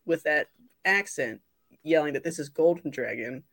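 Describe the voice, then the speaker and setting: A woman's voice: deep voice, normal speed, vocal fry, a bit bright. Teasing giggly woman co-host. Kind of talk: casual chat.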